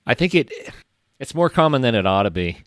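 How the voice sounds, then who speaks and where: A man's voice: medium pitch, big pitch swings, a little fast, no room sound, clean studio sound. A man hosting a podcast interview, thinking aloud in a reflective way. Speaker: podcast host. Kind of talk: conversational interview.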